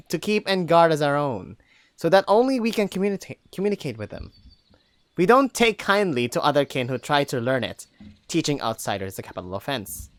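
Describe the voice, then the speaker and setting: A reader voicing a stern, wary female wolf from a wolf tribe, speaking low and measured, in an audiobook reading of a furry fantasy story. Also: dry recording, lightly acted.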